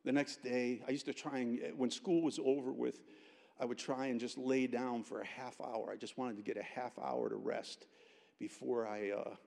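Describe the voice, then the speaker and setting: A man preaching a chapel sermon, telling a personal story in an animated way with frequent restarts. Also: medium pitch, vocal fry. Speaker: pastor, guest chapel speaker. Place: college chapel. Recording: long chapel reverb.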